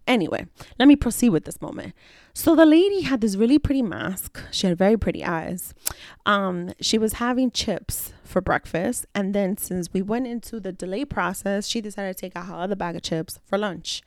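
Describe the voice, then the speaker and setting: A young adult woman hosting a podcast, telling a story in a casual, profane, animated way and acting out the people she quotes. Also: medium pitch, dry recording, clean studio sound. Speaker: podcast host.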